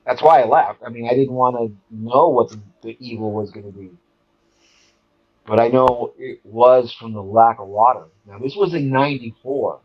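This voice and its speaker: A man talking casually as an interview guest, recounting his experiences and acting out quotes with sudden jumps in pitch. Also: moderate pace. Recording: dull lo-fi audio.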